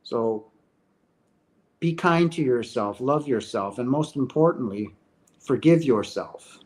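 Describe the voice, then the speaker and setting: A man's voice: mid-range voice, expressive, slow pace, a little mellow. A middle-aged man hosting a question-and-answer video, speaking in an earnest, emphatic way and often checking in with "right?". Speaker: host answering viewer questions. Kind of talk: casual spiritual talk.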